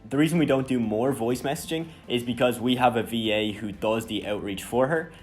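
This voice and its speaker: A man in his twenties, from Ireland, giving a casual, energetic marketing lesson and often asking "right?". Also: medium pitch. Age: 20s. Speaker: marketing coach. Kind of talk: casual instructional talk.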